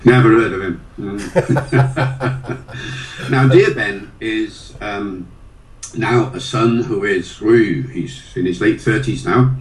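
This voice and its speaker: An older man, a linguist appearing as an interview guest, tells anecdotes with frequent hesitations and fillers. His voice is fairly low and his words drawn out. The mic is distant, so the sound is roomy.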